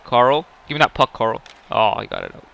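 A man giving live commentary while playing a hockey video game, excitable and quick to yell and swear at the plays. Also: mid-range voice, vocal fry, dull audio. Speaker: gaming video creator.

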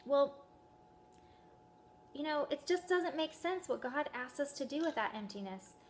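A woman's voice: high-pitched, expressive, measured pace, slight background noise. A woman giving a casual sermon as a Bible teacher, talking conversationally and often asking the listener questions.

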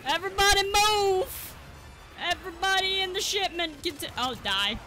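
A young woman doing gameplay commentary, excitable and joking, swinging from yelling to muttering, with faint game music behind. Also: extremely high pitch, brisk. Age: young adult. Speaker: gaming streamer.

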